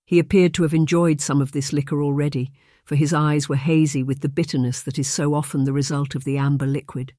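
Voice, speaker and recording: A measured, even audiobook narrator reads a historical romance at an unhurried pace. The sound is dry and close, with no room around the voice, recorded on a close studio mic. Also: mid-range voice, dry recording. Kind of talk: scripted narration.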